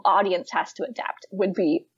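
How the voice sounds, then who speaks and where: A woman's voice: lowish voice, moderate pace, breathy edge, dry recording. Giggly young woman, slightly dull sound. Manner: lively, giggly, many fillers. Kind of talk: casual chat about books and films.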